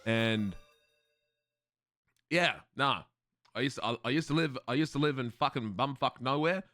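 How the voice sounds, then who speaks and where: An Australian man chatting casually with his viewers on a live stream, loud and excitable, swearing freely. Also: mid-range voice, moderate pace, no room sound, studio quality.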